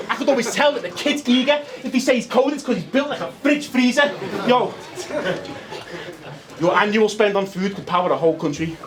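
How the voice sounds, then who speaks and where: A man with a Liverpool accent performing as a battle rapper, telling comic stories to roast his opponent. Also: sits high. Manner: storytelling, comic, says "yo" often. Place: live venue with audience. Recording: loud noise, live event.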